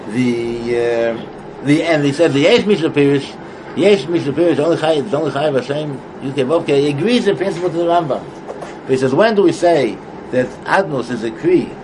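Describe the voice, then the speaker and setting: A man giving an informal Torah study lesson, halting and repeating words as he mixes English with Hebrew and Aramaic terms. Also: on the high side, noisy background. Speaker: Torah teacher.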